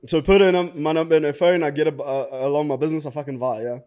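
Young south african guy spinning a story, kinda high voice, lots of slang and swearing. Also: racing, clean tone. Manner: animated, slangy, swears freely, laughs through his story. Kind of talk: casual storytelling chat.

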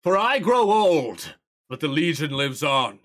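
A man voicing an aging, defiant warrior who declaims a slow rallying cry. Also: a little high, sing-song, fairly bright tone, pitched above the performer's own voice. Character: old male warrior, proud and defiant.

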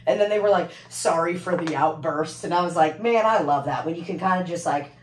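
A woman's voice: lowish voice, fast, roomy sound, a little hiss or hum, low-quality recording. A woman co-hosting a podcast, telling laid-back stories in casual chat and swearing freely. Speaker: podcast co-host.

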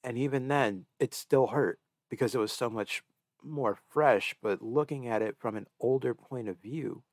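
A man's voice: mid-range voice, normal speed, dry recording. A man in his twenties chatting earnestly on a podcast, sniffly and stuffed-up as if from crying. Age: 20s. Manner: earnest, emotional, reflective. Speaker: podcast co-host. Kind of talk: casual chat.

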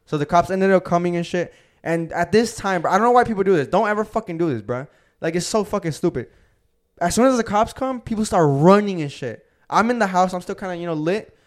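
A man's voice: high voice, fast. A young man, co-host of a podcast, telling party stories in casual chat, swearing and saying "bro" often. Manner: profane, animated storyteller, says "bro" a lot.

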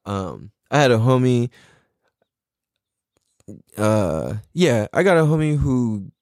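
Brief: male podcast host, lively up-and-down pitch, slangy and profane, close dry sound. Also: takes it slowly, no echo. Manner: animated, laughs often, swears freely, slangy. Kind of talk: casual comedic monologue.

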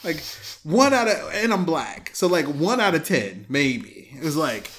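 Animated laughing man, lively pitch. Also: measured pace. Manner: animated, laughs often, swears, acts out quoted voices. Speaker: podcast host. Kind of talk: casual chat. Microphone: headphones on, podcast mic.

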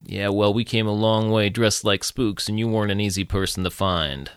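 A man reading as a smug older federal agent with a deep voice. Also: steady tone, moderate pace, clean tone, dry recording, studio quality, lightly acted. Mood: needling. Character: middle-aged male federal agent, smug.

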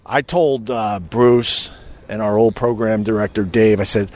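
A middle-aged man hosting a podcast, telling an old radio story in a profane, emotional, animated way. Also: lowish voice, a little slow. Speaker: podcast host and former radio host. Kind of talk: casual storytelling.

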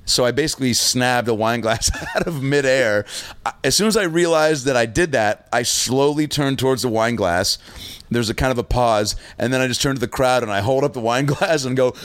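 A stand-up comedian tells a story in a casual chat, cursing freely and loudly voicing the people he quotes. His voice is medium-pitched and smooth, and he talks fairly quickly.

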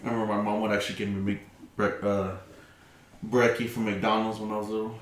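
A man's voice: fairly low pitch, level tone, fast, a little hiss or hum. A young man who co-hosts a podcast, telling stories in a loose, profane, laughing way. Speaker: podcast co-host. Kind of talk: casual chat. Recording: roomy echoey room.

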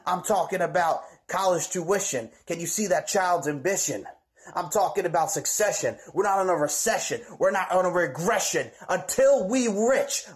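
A man delivers a theatrical wrestling promo in rhyming, boastful lines. His voice sits high, and he swings from loud, excited hype to low, menacing growls. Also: normal speed. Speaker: amateur wrestling promo performer.

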